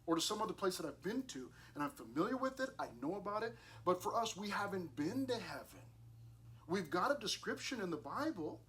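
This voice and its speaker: A man's voice: sits high, very animated, a little fast, a bit bright, a little hiss or hum. A middle-aged man preaching a sermon to a youth service in an earnest, conversational way, often restarting his words.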